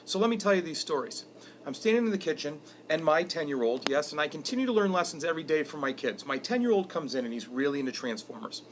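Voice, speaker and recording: A man's voice: a little high, expressive, quick pace. A middle-aged man giving a reflective weekly video message as an educator, speaking earnestly and conversationally. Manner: earnest, conversational, retells stories with quoted dialogue. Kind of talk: reflective monologue to camera.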